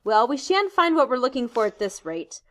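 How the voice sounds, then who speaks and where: A woman's voice: big pitch swings, moderate pace, a bit bright. A woman reading aloud and voicing an eager, proud schoolboy who keeps insisting on what he did. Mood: uneasy, practical. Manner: eager, insistent, raised pitch. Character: proud excitable schoolboy on an island, about twelve.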